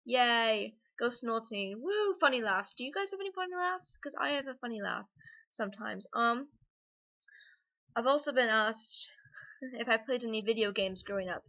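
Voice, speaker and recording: A bubbly, chatty woman holding a put-on British accent as she answers viewer questions, giggling often. Her voice sits fairly high and sounds bright and forceful. The recording is dull and lo-fi. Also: lively intonation, normal speed. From United States. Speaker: vlogger. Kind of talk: casual Q&A vlog.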